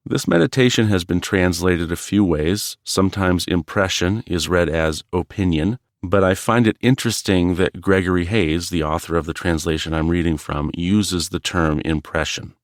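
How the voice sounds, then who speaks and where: A man hosting a solo philosophy podcast, speaking in a calm, measured and earnest way. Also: deep voice, no echo, studio quality. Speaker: podcast host. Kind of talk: reflective solo podcast narration.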